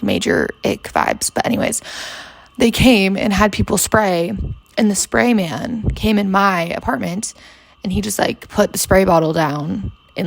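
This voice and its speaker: A woman's voice: medium pitch, creaky, no echo. A woman in her twenties, hungover, chatting casually and rambling with lots of fillers and swearing as a podcast host. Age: 20s. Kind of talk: casual chat. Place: her bedroom.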